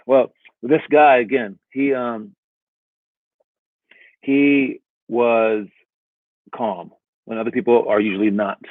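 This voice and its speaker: A man's voice: medium pitch, slow pace, long pauses, no echo. A man giving a casual motivational talk as a coach, rambling and asking "all right?" again and again. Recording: tinny phone-like audio.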